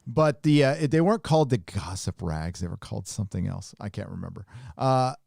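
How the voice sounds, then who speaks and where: A man's voice: lowish voice, big pitch swings, fast, vocal fry, a little mellow, no echo, studio quality. A man hosting a live podcast, chatting casually and rambling with lots of profanity. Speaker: host. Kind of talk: casual livestream chat.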